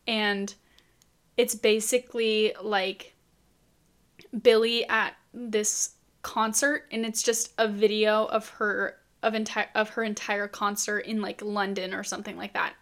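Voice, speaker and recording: A woman's voice: mid-range voice, flat delivery, a little slow, a bit bright. A young woman vlogging in a casual, chatty way, full of incredulous rhetorical questions. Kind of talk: casual chat to camera.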